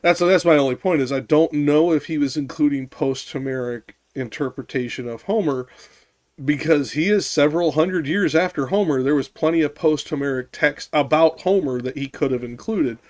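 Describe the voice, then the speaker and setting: A man's voice: on the high side, moderate pace, darkish tone. A man co-hosting a casual talk about a classic poem, arguing his point insistently, restarting sentences and swearing for emphasis. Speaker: podcast co-host. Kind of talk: casual discussion.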